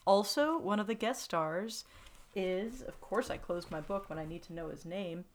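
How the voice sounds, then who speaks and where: A woman hosting a podcast in casual chat, jokey and quick to laugh. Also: medium pitch, animated, very noisy. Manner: chatty, jokey, laughs often. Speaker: podcast host.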